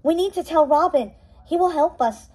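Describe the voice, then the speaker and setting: A woman's voice: high voice, normal speed, warm tone, voice pushed up, lightly acted. A woman doing an urgent young heroine. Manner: urgent, breathless. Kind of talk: storybook readaloud.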